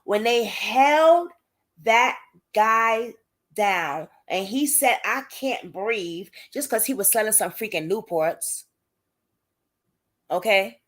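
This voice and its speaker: A young woman with a Brooklyn accent hosts a casual livestream. She talks straight to her viewers, emphatic and indignant, with a middle-pitched voice. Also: animated, slow pace, pauses often. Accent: Brooklyn New York. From Brooklyn, New York. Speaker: host of an advocacy livestream.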